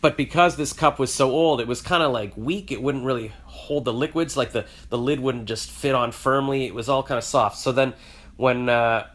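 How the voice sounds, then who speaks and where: A man's voice: medium pitch, moderate pace, a bit bright. A man with a stuffy, nasal voice from a cold, casually telling a rambling, self-mocking story to his phone camera and acting out the other people's lines. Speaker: vlogger.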